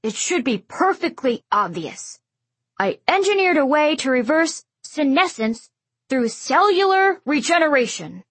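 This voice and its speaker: A woman's voice: high voice, big pitch swings, moderate pace, a bit bright, dry recording, full character voice. A woman doing a pompous cranky grandfather-scientist. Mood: boastful. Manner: pompous, indignant, lecturing. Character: cranky old male scientist grandfather turned into a teenage boy. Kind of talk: audiobook character voice.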